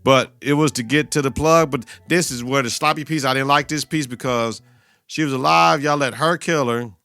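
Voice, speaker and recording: A man's voice: medium pitch, moderate pace, bright, forceful tone, no room sound, clean studio sound. A man hosting a podcast, recapping a TV episode in casual, profane, slang-heavy talk and talking back at the characters. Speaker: podcast host.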